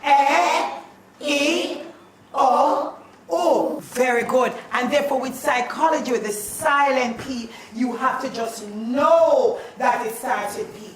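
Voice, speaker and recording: A woman teacher, leading a playful, animated spelling lesson in a classroom. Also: high voice, slow pace, slight background noise. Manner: animated and playful, calls out questions. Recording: echoey classroom, mic at a distance.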